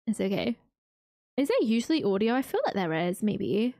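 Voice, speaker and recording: A woman streaming a game who gushes with excitement and chats with her viewers. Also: medium pitch, moderate pace, no echo, clean studio sound. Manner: gushing, excitable, chatting with viewers. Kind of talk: casual live-stream commentary.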